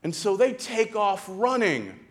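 A man preaching a sermon, retelling a story slowly and dramatically, with pauses and hushed passages. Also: high voice, big pitch swings.

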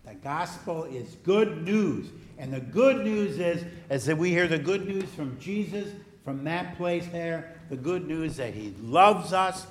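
A male pastor speaks slowly in a fairly high voice, drawing out his words. He reads scripture to the congregation, then turns animated and coaxing as he leads children in call-and-response cheers in a church. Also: slight background noise. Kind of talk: gospel reading and children's message. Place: church sanctuary.

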